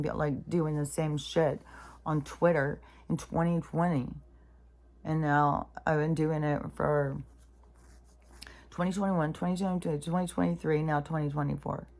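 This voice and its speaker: A woman's voice: low-pitched, creaky. A woman venting in a rambling, profane monologue for her vlog, sounding mentally exhausted. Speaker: spiritual vlogger.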